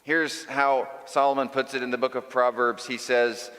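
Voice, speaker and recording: A male pastor preaches with a bright, forceful tone, landing short and punchy phrases as he tells a story. His voice rings out with a long reverb through a large church hall. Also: medium pitch, flat delivery, moderate pace. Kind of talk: sermon.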